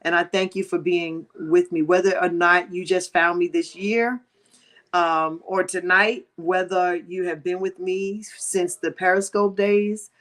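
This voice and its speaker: A middle-aged woman hosting a livestream, talking to her viewers with deep emotion and prayerful gratitude, near tears in her grief. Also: steady tone, a little slow. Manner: emotional, warm-hearted, prayerful, addressing viewers directly. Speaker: livestream host. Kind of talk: heartfelt livestream talk.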